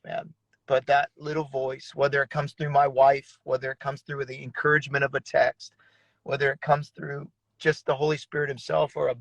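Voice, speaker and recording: Male pastor, 30s, gravelly voice, dry close sound, earnest testimony. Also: mid-range voice, dry recording, poor audio. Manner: earnest, emotional storytelling with many restarts. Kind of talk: conversational testimony in an interview.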